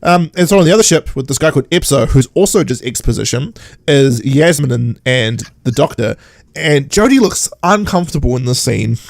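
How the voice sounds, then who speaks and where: A man hosting a podcast in casual chat, animated and sarcastic, often mimicking characters. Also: mid-range voice, fairly quick, gravelly, no room sound. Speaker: podcast host.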